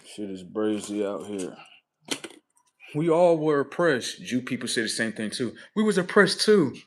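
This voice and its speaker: A man hosting a livestream, swearing heavily in a mocking rant that swings between loud high outbursts and low muttering. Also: very animated, a little slow. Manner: heavy swearing, mocking, talks at the audience. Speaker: livestream host.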